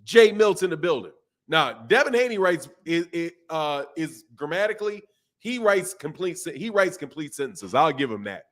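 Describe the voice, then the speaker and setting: Animated, slangy man hosting a boxing stream. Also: a little high, moderate pace. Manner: loose, slangy and animated, with frequent restarts. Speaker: boxing channel host. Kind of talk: casual livestream chat reading super chats.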